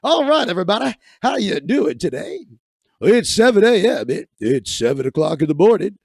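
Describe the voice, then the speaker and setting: A man voicing a cheesy, upbeat male morning radio announcer with a booming, over-bright delivery. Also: big pitch swings, moderate pace, gravelly, slightly rough, no echo, clean studio sound, exaggerated voice. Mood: chipper.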